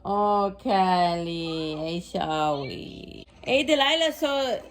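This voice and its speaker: Slow-talking mom cooing at her family. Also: mid-range voice, lively intonation, a crowd in the background. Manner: coos in a sing-song voice to the baby and pets. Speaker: vlogger mother. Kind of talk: casual family vlog chat. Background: background music.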